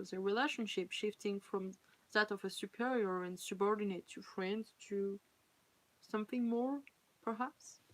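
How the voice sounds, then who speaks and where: A woman with a French accent and French as her first language, reading fan fiction aloud on a live stream and pausing to chat and laugh at her slips. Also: medium pitch, poor audio.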